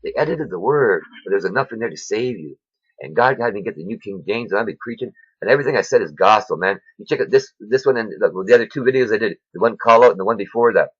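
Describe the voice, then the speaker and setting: Fast, husky-voiced man preaching casually. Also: on the low side, expressive, fairly bright tone, no echo. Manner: rambling, preachy, says "man" and "right?" a lot. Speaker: video preacher. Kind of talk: informal religious monologue. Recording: dull lo-fi sound.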